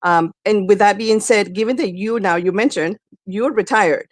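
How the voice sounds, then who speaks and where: A woman's voice: medium pitch, moderate pace, no room sound. A woman hosting a radio interview, asking long, meandering questions full of fillers. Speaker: radio host.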